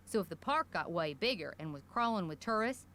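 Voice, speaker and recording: A woman's voice: lowish voice, lively intonation, a little fast, a bit bright, slight background noise. An actress voicing a gossipy small-town shopkeeper woman in a video game, talking in a folksy rural drawl full of colorful slang. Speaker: general store owner.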